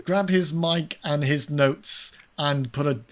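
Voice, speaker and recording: A man's voice: on the high side, slow pace. Sarcastic man hosting a chat. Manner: sarcastic, swearing, laughing often. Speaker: podcast host. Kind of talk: casual film podcast chat.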